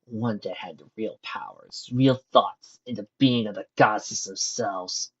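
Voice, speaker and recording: A man's voice: fairly low pitch, measured pace, dull audio, a little hiss or hum, natural voice. A man reading a cruel, gloating male mad scientist pony in a sneering, menacing tone, for a storybook-style fanfic reading.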